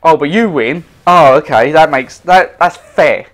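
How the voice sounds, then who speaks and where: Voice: medium pitch, unhurried, faint music behind. A player giving let's-play commentary, laughing often and joking wryly about losing. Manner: laughs often, wry and self-mocking. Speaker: video game player.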